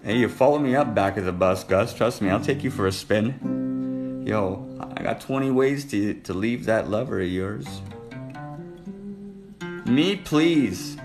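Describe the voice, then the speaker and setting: A man's voice: fairly low pitch, lively intonation, unhurried, long pauses, over music. A man hosting a casual live stream, flirting playfully and calling out viewers by name. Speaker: livestream host reading viewer comments.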